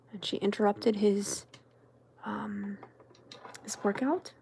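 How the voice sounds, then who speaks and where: A woman crafting-channel host who tells a meandering story in a soft, chatty whisper. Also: medium pitch, steady tone, slow pace, gravelly, long pauses, slight background noise.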